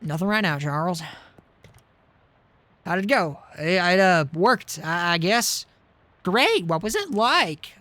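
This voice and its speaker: A man's voice: high-pitched, sing-song, takes it slowly, long pauses, sharp tone. A man streaming a video game, giving casual commentary with wry joking asides.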